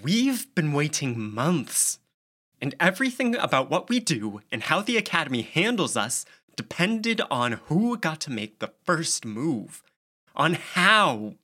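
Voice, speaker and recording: A man's voice: on the low side, expressive, unhurried, pushed and bright. A man reading an audiobook, voicing a frustrated young woman whose voice sounds raw as she scolds a newcomer. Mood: scolding. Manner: emotional, strained and scolding. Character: young girl soldier, raw, frustrated and bossy.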